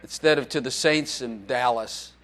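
A man's voice: mid-range voice, normal speed, fairly bright tone. A man preaching as a pastor in a church, in a joking, conversational way with playful acted quotes. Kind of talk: sermon.

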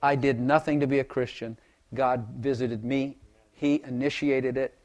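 A man's voice: mid-range voice, fairly even intonation, moderate pace, darkish tone. An older man preaching a rambling, folksy sermon to his congregation, chuckling and repeating words as he goes. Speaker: pastor.

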